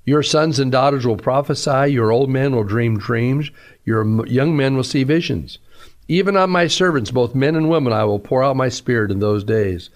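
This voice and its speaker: A man's voice: mid-range voice, moderate pace, a little mellow. A man, a pastor, giving an earnest radio sermon that rises to emphatic peaks.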